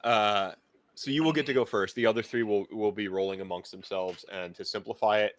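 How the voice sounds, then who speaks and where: A man's voice: lowish voice, fairly quick. A man running a tabletop vampire game as game master, narrating in a rambling way full of fillers and restarts.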